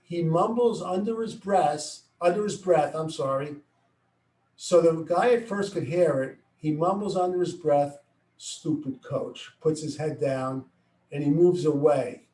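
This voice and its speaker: A middle-aged man explains a baseball play step by step, acting out what he calls to his players. His voice sits slightly high. He stands away from the mic, and the room echoes around him. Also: measured pace, recorded from a distance. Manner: explains plays step by step, acts out yelling at players. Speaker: baseball coach. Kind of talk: coaching instruction.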